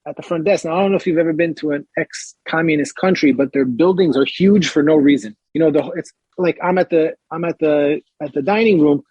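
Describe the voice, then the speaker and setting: A man on a podcast tells a story with lots of energy, jumping up in pitch to act out the other people in it. His voice is husky and sits a little high. The recording is dry and close. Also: a little fast, few pauses, no echo, muffled recording. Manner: lively, acts out other people's lines in raised voices. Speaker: podcast guest. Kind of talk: animated storytelling.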